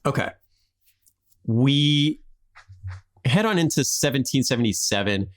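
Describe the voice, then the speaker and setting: A man's voice: medium pitch, expressive, a little slow. A man hosting a podcast, telling a history story in a rambling, casual way with frequent restarts and laughs.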